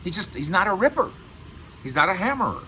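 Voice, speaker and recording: A man's voice: high-pitched, sing-song, quick pace, pushed and bright, slight background noise, rough recording. A middle-aged man giving casual sports commentary to camera as host, emphatic and repeating words for stress. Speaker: sports radio and video host.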